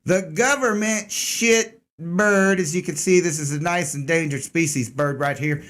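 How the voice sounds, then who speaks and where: A man's voice: fairly high pitch, unhurried, fairly bright tone. A man putting on a rural Southern US accent, playing a mocking hick showing off a bird in a folksy, sarcastic drawl. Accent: put-on rural Southern US.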